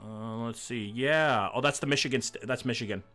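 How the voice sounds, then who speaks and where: A man's voice: medium pitch, brisk, fairly bright tone, soft background music. A man streaming a geography game, chatting casually and reading chat aloud, swearing freely, a little sick. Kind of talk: casual live-stream chat while gaming.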